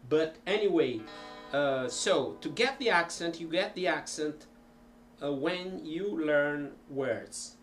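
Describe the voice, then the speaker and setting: A man teaching languages in an unhurried, hesitant way, demonstrating phrases aloud. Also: fairly high pitch, lively intonation, a bit bright, faint music behind. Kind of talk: informal language lesson.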